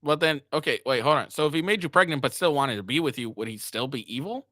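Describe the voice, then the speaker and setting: A man's voice: fairly high pitch, animated, fast talker, pushed and bright, no echo, clean studio sound. A man giving crude, mocking reaction commentary, swearing and laughing as he talks. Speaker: commentary streamer.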